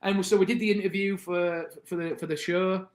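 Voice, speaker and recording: A British man in his thirties tells a long story on a podcast and jumps into the voices of the people in it. His voice sits a little high for a man. The room around him is echoey. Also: normal speed, background noise. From Britain. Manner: animated, acts out the voices of people in his stories. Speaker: podcast guest. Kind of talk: casual storytelling.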